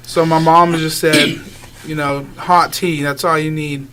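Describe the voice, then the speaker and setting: A man's voice: a little high, flat delivery, a little slow, a crowd in the background. A young man, a guest singer, talking casually in a radio interview, rambling with lots of filler words and easy laughs. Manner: rambling, many filler likes, laughs easily.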